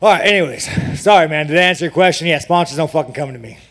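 In a crowded press room on media day, a professional fighter gives unfiltered, profane, rambling answers and mocks the reporters. His voice is fairly high and a bit bright, and he talks fast and animatedly.

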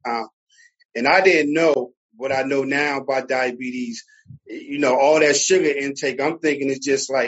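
A man with a New Jersey accent, a podcast guest telling his story in a relaxed, casual way. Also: mid-range voice, normal speed, slightly rough, muffled recording. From Newark, New Jersey. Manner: relaxed storyteller, fillers and laughs. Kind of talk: casual conversation.

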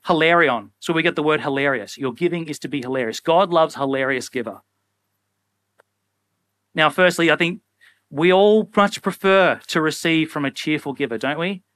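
A young man preaching a sermon in a casual, animated way, often acting out little everyday scenes. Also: fairly high pitch, no room sound. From Australia. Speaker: pastor.

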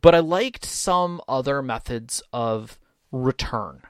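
A man's voice: mid-range voice, lively intonation, smooth, dry recording. Guy rambling about tabletop rpgs, lots of uh and restarts, dry close mic. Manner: rambling, halting with many fillers and restarts. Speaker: tabletop game podcast co-host. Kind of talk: casual chat.

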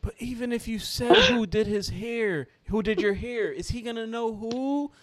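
A man's voice: moderate pace, dry recording. A man co-hosting a podcast in casual chat, reacting bluntly and swearing. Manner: blunt, swears, reacts loudly, expressive pitch. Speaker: podcast co-host.

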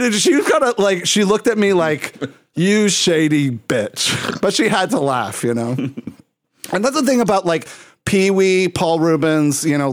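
A man co-hosting a relaxed podcast, telling loose, rambling anecdotes in a slightly high voice. His talk is chatty and unhurried. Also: dry recording. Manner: rambling, storytelling. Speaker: podcast host. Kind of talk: casual chat.

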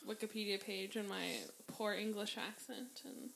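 A woman chats casually on a podcast. Her voice is bright and sharp, and her talk is lively and loose, with frequent laughter and casual swearing. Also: medium pitch, moderate pace, vocal fry, low-quality recording. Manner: animated, laughing, swears freely. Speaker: podcast co-host. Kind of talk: casual chat.

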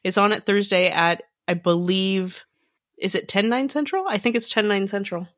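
A woman's voice: medium pitch, normal speed, a bit bright, dry recording, clean studio sound. A woman co-hosting a podcast in casual chat, speculating and hedging as she thinks aloud. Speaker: podcast co-host.

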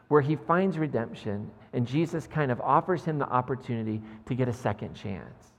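A man preaching a sermon as pastor, talking conversationally with lots of "like" and "right?" and joking with the congregation. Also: a little high. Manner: jokes with the congregation. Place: church sanctuary. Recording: long church reverb.

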